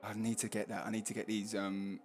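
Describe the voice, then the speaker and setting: A man's voice: lowish voice, little pitch movement, brisk, slight background noise. A man with a Cockney accent giving casual, jokey live race commentary, laughing often.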